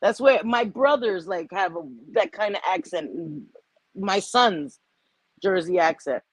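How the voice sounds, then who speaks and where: An animated woman hosts a casual livestream chat, swearing freely and acting out her own inner voice. Her voice sits at a middle pitch. The sound is dry and close. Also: unhurried, dry recording, low-quality recording. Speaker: host.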